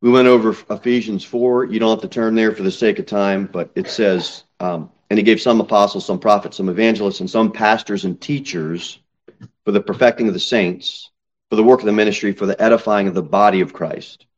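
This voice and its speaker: A male pastor preaching a sermon from the pulpit, reading scripture and pressing his points with slow, emphatic stresses and sudden raised peaks. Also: fairly low pitch, steady tone, dull audio. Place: church sanctuary, at the pulpit.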